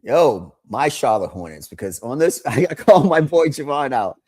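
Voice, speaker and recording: A man co-hosting a sports podcast, excitable in casual chat, often restarting his sentences. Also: mid-range voice, moderate pace. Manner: excitable, lots of restarts and laughter. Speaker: podcast co-host.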